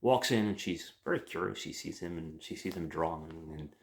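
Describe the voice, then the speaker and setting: A man's voice: low voice, moderate pace, vocal fry. A man giving a casual, meandering movie review and addressing his listeners as guys. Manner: meandering, hesitant.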